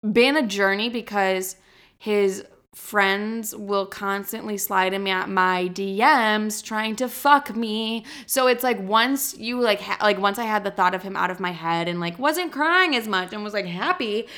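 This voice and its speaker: Bright-voiced young woman rambling on a podcast. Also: medium pitch, measured pace. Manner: rambling, chatty, swears often; stumbles over her words. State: highly caffeinated. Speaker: podcast host. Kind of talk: casual solo podcast chat.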